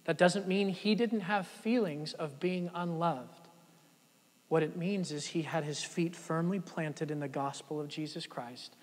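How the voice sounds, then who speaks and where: A man preaching a sermon in a high voice, building to loud, emphatic peaks and then dropping to soft, low passages. His voice rings out with the long reverb of a church sanctuary. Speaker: pastor.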